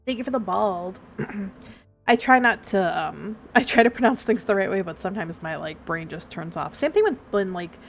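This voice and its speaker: A woman's voice: mid-range voice, lively intonation, normal speed, vocal fry, soft background music. A young woman chatting casually and laughing a lot while streaming a game. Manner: giggly, chatty, self-deprecating. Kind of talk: casual live-stream chat.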